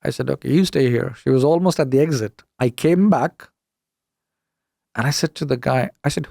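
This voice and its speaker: A middle-aged man from the UK, telling a story as a podcast guest, animated and indignant as he acts out the dialogue. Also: medium pitch, a little fast, gravelly, no room sound, clean studio sound. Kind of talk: casual storytelling interview.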